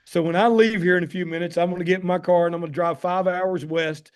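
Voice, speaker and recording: A man in his fifties with a Southern Tennessee drawl and a fairly high-set voice. He tells personal stories warmly and with emphasis, and he keeps calling his listeners "guys." His manner is folksy and heartfelt. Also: steady tone, fast talker, clean tone. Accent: Tennessee Southern American. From Tennessee, USA. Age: 50s. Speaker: addiction medicine doctor giving a talk. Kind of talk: personal storytelling presentation on a call.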